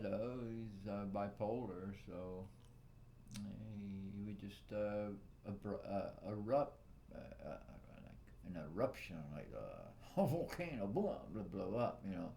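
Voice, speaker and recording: A man's voice: on the low side, vocal fry, dark tone, slight background noise. A man from Puerto Rico with a Puerto Rican accent, talking in a meandering personal monologue full of "uh"s and "you know"s, chuckling often. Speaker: vlogger.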